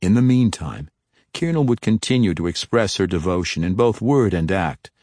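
Deep-voiced man narrating a fantasy novel. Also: no room sound, studio quality. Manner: steady, measured storytelling. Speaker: audiobook narrator.

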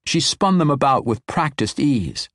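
A man narrating a fantasy audiobook in a steady, measured storytelling manner. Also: mid-range voice, no echo, studio quality.

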